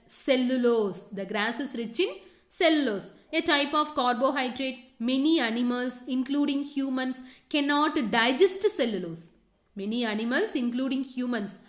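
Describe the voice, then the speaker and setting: A woman's voice: on the high side, measured pace, echoey room. Repetitive woman teaching science. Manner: repeats key terms and questions, checking students follow; frequent "okay" and directions to underline and draw. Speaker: school teacher. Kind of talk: classroom science lesson.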